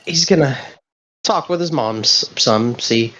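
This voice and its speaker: A woman's voice: a bass voice, expressive, measured pace, fairly bright tone, slight background noise. A woman playing in a tabletop role-play game, who talks hesitantly and often restarts her sentences. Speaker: player. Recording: slightly dull lo-fi mic.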